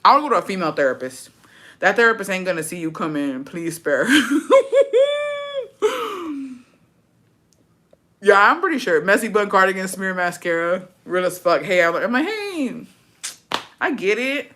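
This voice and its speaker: A woman's voice: fairly low pitch, animated, fast talker, pushed and bright. A young woman livestreamer chatting casually with her viewers, brash, blunt and full of swearing. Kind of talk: casual chat answering viewer comments.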